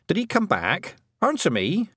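A man's voice: high-pitched, huge pitch swings, measured pace, fairly bright tone, breathy edge, no echo, studio quality, pitched above the performer's own voice, exaggerated voice. A man voicing a frantic farm mother, urgent and commanding. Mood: panicked. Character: panicked farm mother hunting her son.

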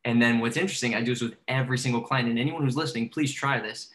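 A male podcast host talking casually and with energy. He coaches people for a living and slips into lively back-and-forth quotes of his clients. His pitch sits in the middle range for a man. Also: racing, hardly any pauses. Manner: animated, acts out client exchanges.

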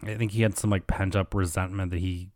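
A man with a fairly low voice hosts a casual solo podcast. He rambles through gossip with loose fillers and frequent swearing. The sound is dry and close, with no room echo. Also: level tone, a little fast, darkish tone. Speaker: podcast host.

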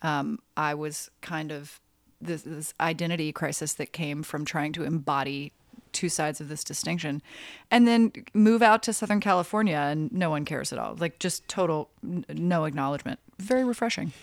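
A woman in her forties from North Carolina, chatting as a guest writer in a relaxed interview, talkative and quick to self-correct. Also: sits low, dry recording, studio quality. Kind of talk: casual interview chat.

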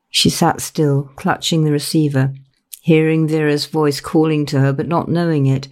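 A woman narrating her own novel in a measured, unhurried reading. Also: low-pitched, fairly even intonation, a little mellow. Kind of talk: audiobook narration.

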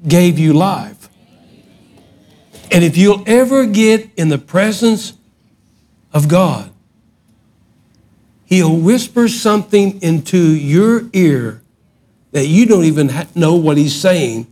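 A middle-aged man preaching a sermon, swinging from loud emphatic outbursts to hushed lines. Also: high voice, slow pace, long pauses. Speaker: pastor.

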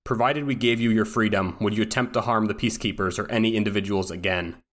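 A gruff, blunt soldier interrogator put on by a man with a lowish voice. He talks in a casual, clipped military way, as in a spoken tabletop game. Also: steady tone, quick pace, a bit bright, close to an everyday voice. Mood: brusque.

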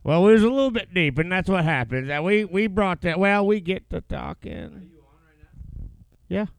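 A man's voice: high voice, lively intonation, fairly quick, gravelly, clear, resonant tone, no room sound. A man co-hosting a casual podcast chat, swearing freely and rambling with emotion. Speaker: podcast co-host. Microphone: headset.

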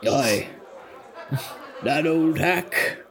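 A big, gruff alum with a scornful, dismissive edge, played by a man at the table. His lines are drawn out and blunt. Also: fairly high pitch, lively intonation, drawn-out words, fairly bright tone, some chatter behind, full character voice.

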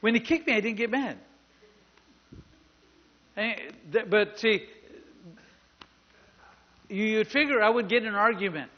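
A man's voice: sits high, measured pace, pauses often, lo-fi sound. A male pastor telling a story in a sermon, acting out the dialogue and joking with his congregation. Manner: animated, acts out dialogue, jokes with the congregation. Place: church service with live congregation.

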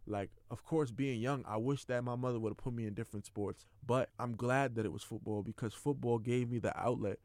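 A young man, a college football player, hosts his own podcast and talks candidly about his life in a personal monologue. His medium-pitched voice is steady and darkish, with no room sound, and he speaks earnestly and from the heart, rapid and loose with lots of casual fillers.

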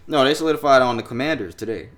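A young man hosting a casual sports chat, loose and animated, swearing freely as he talks through the news. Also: medium pitch, rapid-fire. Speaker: podcast host.

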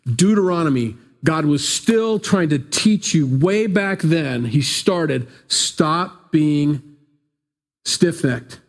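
A man preaching a conversational sermon into a microphone in a small church room, animated and acting out different voices. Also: a little high, takes it slowly, few pauses. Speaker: pastor. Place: church room, not big. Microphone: pulpit microphone.

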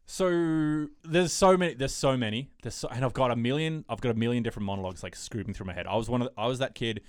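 A man hosting a podcast in casual chat, excitable and rambling, restarting his sentences often. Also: medium pitch, fast, no room sound. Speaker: podcast host.

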